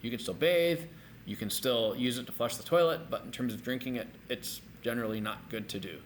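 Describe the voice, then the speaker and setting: Middle-aged guy teaching a language, upbeat, says each word slow for you to repeat, bit of faint noise behind. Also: mid-range voice. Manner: energetic, repeats words slowly for learners. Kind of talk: recorded video lesson.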